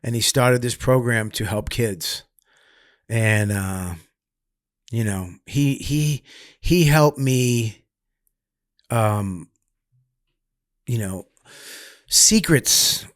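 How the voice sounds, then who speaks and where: Profane, animated New comedian telling a story. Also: male voice, medium pitch, extremely slow, long pauses, no room sound, clean studio sound. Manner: profane, animated, acts out other people's voices loudly. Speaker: comedian guest. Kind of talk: candid storytelling in conversation.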